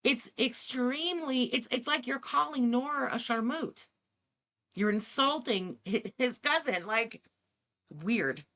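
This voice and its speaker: A woman's voice: a little high, a little slow, bright, forceful tone. A woman hosting reaction commentary, talking in an incredulous, sarcastic way and swearing freely. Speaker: commentary host.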